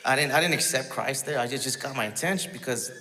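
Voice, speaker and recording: A man telling his personal testimony in a casual storytelling way, halting, with many restarts and quoted asides. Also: medium pitch, long reverb tail, noisy background.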